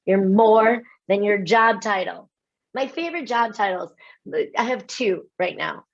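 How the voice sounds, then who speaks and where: A woman from the United States giving a lively webinar talk as a keynote speaker, animated and self-mocking, with quick asides and laughs. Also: mid-range voice, creaky, muffled recording.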